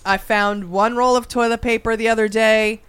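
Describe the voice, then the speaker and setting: A woman co-hosting a comedy podcast, bubbly and quick to laugh while she plays along. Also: fairly high pitch, fairly even intonation, fairly bright tone, clean tone. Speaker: podcast co-host.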